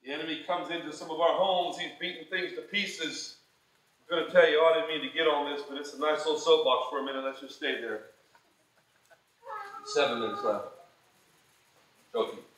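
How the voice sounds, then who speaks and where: A fervent preacher with a high voice delivers a sermon from the pulpit. He swings from ringing shouts to low, quiet asides. The sound carries the heavy echo of a large church hall. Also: fairly even intonation, moderate pace, long pauses. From United States. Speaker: pastor. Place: church sanctuary.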